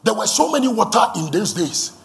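A man's voice: high-pitched, big pitch swings, brisk, vocal fry. A man preaching a sermon, fervent and repetitive, leading the congregation in call-and-response.

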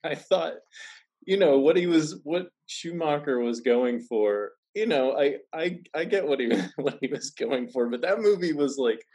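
A man hosting a podcast, chatting casually, eager and halting. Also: on the high side, expressive, a little mellow, slightly rough. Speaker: podcast host. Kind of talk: casual chat.

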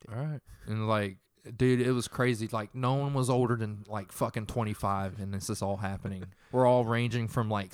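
A man's voice: fairly low pitch, clear, resonant tone, dry recording, studio quality. A young man casually retelling a tense story in a profane, rambling way.

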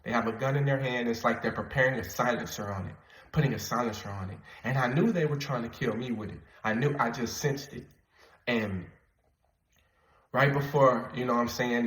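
A man's voice: medium pitch, a bit bright. A man podcaster telling a story casually and earnestly, rambling and often repeating his words. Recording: roomy echo.

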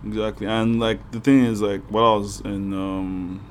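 A man's voice: lowish voice, level tone, normal speed, crowd noise. A young man from Nigeria, co-hosting a podcast in rambling, teasing casual chat. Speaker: podcast co-host.

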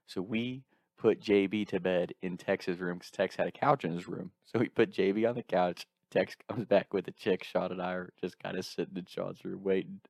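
A man in his twenties casually telling an animated story, laughing through it. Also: low voice, normal speed, vocal fry, no room sound, studio quality.

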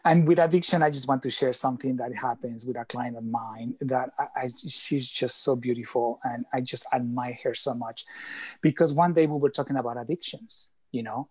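A man speaking as an interview guest and coach, explaining ideas earnestly with slightly halting phrasing. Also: medium pitch, a little mellow, husky, no room sound. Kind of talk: conversational interview talk.

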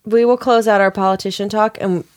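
A woman's voice: medium pitch, fairly even intonation, a little fast, darkish tone, clear, resonant tone, dry recording, clean studio sound. A woman from Pittsburgh co-hosting a podcast, teasing her co-host in casual chat. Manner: playful, teasing, fillers like "like".

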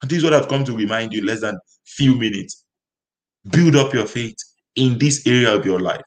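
A man's voice: mid-range voice, fairly quick, low-quality recording. Male preacher, emphatic and repetitive, mid-range voice. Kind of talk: sermon.

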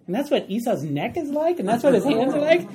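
A woman teaching a Bible study class in a room with a board, talking in a lively, conversational way and putting questions to the class. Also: fairly high pitch, brisk, noisy background.

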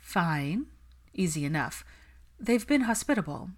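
A woman voicing a calm young witch healer who answers in terse, defensive replies, in a storybook reading. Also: on the low side, measured pace. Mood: guarded.

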